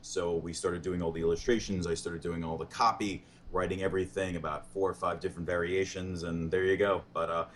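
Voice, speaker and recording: A man's voice: sits low, brisk, hardly any pauses, a little hiss or hum. A man, a comedian guest, telling dating stories in a casual interview and acting out what people said. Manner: animated, quotes people in dialogue.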